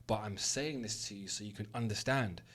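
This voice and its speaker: A man's voice: lowish voice, fairly quick, fairly bright tone, slightly rough. A young man with a London accent, telling a personal story as a motivational monologue, candid and earnest, with plenty of swearing. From South West London. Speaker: host.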